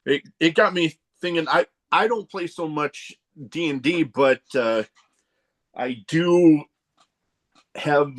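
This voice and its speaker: A man hosting a casual interview, friendly and halting, with many "uh"s. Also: mid-range voice, fairly bright tone. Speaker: podcast host.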